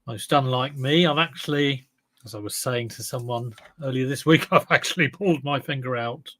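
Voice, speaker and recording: A clothes reseller chats casually on his live stream, poking fun at himself, humming and singing along, and talking while eating. His mid-range voice comes across pushed and bright at a moderate pace.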